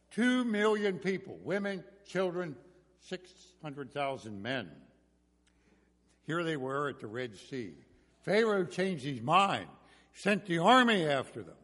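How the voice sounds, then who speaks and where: Animated preacher in an echoing hall. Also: male voice, mid-range voice. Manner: storytelling, swinging from loud bursts to hushed. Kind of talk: sermon.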